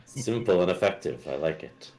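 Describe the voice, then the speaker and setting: A man voicing a calm, very deep salamander. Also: normal speed. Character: large fire salamander, freed prisoner, calm, pragmatic.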